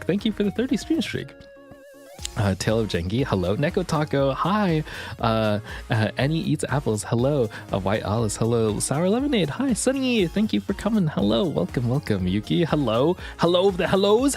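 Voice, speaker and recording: A man hosting a live stream, warmly welcoming viewers by name. His talk is bouncy and self-deprecating, and his pitch swings widely. He sounds slightly breathless, with soft music in the background. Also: creaky. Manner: bubbly, greets chatters one by one. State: a little out of breath. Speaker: livestream host. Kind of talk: casual live-stream chat.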